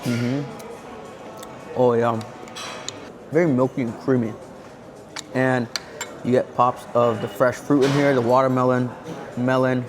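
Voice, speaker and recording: A man's voice: mid-range voice, level tone, a little slow, pauses often, over music. A man vlogging a casual food review at a hotel buffet, chatting as he tastes and humming contentedly between bites. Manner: chatty, savoring each bite with contented hums. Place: indoor hotel buffet restaurant. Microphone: camera-mounted shotgun mic.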